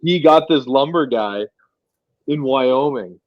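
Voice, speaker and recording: A man's voice: mid-range voice, slow, no echo, dull audio. A man telling a loose, rambling anecdote with slang in casual podcast chat.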